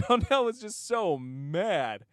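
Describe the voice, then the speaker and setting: Podcast host guy rambling through funny stories, swears a lot, laughs a lot, voice jumps all over the place, smooth and dry sound. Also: sits high, sing-song, slow, no room sound. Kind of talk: casual comedic storytelling.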